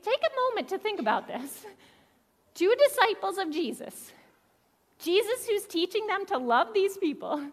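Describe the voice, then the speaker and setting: A woman's voice: high voice, a bit bright, long reverb tail. A young adult woman pastor giving a conversational sermon, talking directly to the congregation with questions. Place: church sanctuary.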